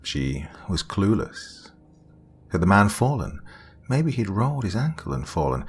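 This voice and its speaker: A man narrating a scripted horror story in a hushed, dramatic storytelling manner. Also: low voice, big pitch swings, measured pace, a little hiss or hum.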